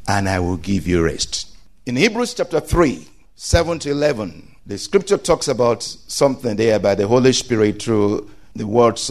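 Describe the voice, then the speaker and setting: A man preaching a sermon, explaining scripture in an animated way and acting out the quoted voices. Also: mid-range voice. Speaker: pastor.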